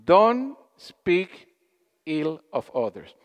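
At a spiritual gathering in a hall, a man gives a talk, telling stories, acting out quotes and putting questions to his audience. His voice is high, with big pitch swings and drawn-out words.

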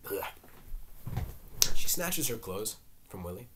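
A man reading a stage play aloud, voicing every part himself and reading out the stage directions, with some halting restarts. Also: lowish voice, big pitch swings, background noise. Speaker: reader. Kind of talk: amateur reading of a play, all parts.

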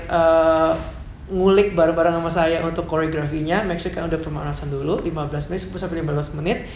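A man leading an online dance class, counting beats and calling out moves with sounds like boom and ta, switching between Indonesian and English. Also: creaky, a little hiss or hum. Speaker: dance teacher. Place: echoey dance studio. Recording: echoey studio room.

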